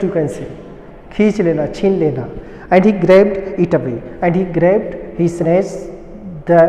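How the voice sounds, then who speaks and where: Male teacher, high pitch, patient line-by-line explainer, roomy echo. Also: darkish tone. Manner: repeats and rephrases lines, glosses words in Hindi. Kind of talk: explaining a story for school students. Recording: echoey room with long reverb.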